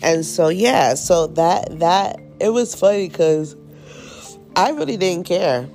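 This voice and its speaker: A woman's voice: on the low side, lively intonation, slow pace, darkish tone, faint music behind. A woman hosting a podcast in casual, unedited chat, talking candidly with slang and free swearing. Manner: candid, slangy, swears freely, rambling storyteller. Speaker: podcast host.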